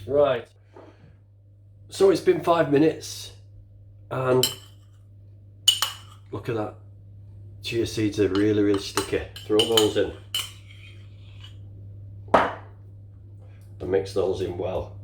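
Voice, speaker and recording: In an echoey home kitchen full of clinking dishes and utensils, an older man who cooks at home walks through a demonstration casually, muttering and swearing mildly. His fairly low voice moves very slowly with frequent pauses, and the recording is very noisy.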